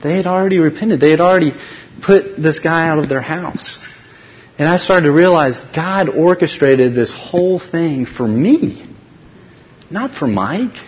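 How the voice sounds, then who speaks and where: A man speaking at a conference, telling a personal faith story with lively acted dialogue and frequent restarts. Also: a little high, unhurried. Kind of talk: personal testimony talk. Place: large conference hall. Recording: dull recording in a reverberant hall.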